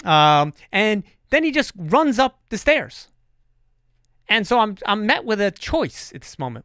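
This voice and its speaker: Man, podcast host, casual chat, swears a lot, lively voice, dry close mic. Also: sits high, a little slow, dry recording. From New York. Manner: animated storyteller, swears freely.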